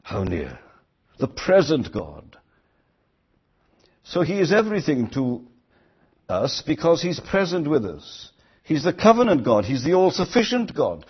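A man's voice: a little high, huge pitch swings, a little slow, long pauses, husky, dull audio. An older man preaching a sermon, earnest, rising to emphatic quoted lines.

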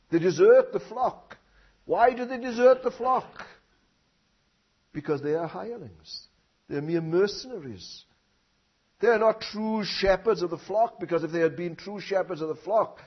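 High-voiced husky male preacher. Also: highs cut off. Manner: rhetorical tag questions, swelling emphasis. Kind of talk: sermon.

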